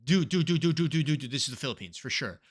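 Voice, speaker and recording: A young man streaming himself playing a geography guessing game, excitable and swearing freely, with loud outbursts. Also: fairly high pitch, fast talker. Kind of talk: live-stream reaction commentary.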